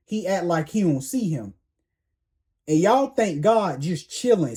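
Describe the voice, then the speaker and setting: Man, preacher, sermon, dark mellow tone, blunt, slangy, emphatic repeated commands. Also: fairly high pitch, expressive, unhurried. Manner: slangy and confrontational.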